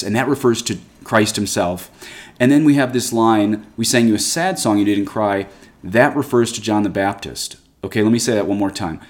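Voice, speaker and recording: Earnest low-voiced priest preaching. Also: male voice, normal speed, a little mellow. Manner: earnest, conversational, reads quotations aloud. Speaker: Catholic priest. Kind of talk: scripture commentary talk.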